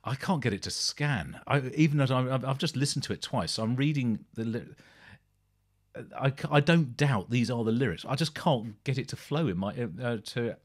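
A man's voice: mid-range voice, lively intonation, normal speed. A man hosting a music reaction video, talking casually with enthusiastic exclamations. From United Kingdom.

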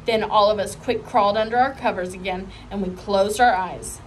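A woman reading a children's chapter book aloud with expressive storytelling. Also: mid-range voice, moderate pace, slight background noise, rough recording. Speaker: reader.

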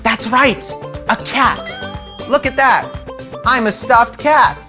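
Upbeat male kids' show host, slow and deliberate, playful, music bed behind. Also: very high-pitched. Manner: upbeat, talks directly to young viewers; playful, acts out animals. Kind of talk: preschool educational presenting.

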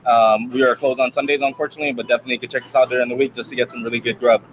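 A man's voice: mid-range voice, level tone, racing, slight background noise, rough recording. A man, a chef, casually walking through a dish step by step, a bit hesitant. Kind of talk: casual cooking demonstration.

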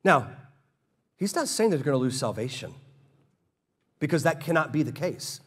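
A man preaching a sermon as pastor, casual and conversational, acting out both sides of dialogues and slowing down to read scripture. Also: fairly high pitch, sing-song, slightly rough. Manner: slows down and drops quiet to read scripture.

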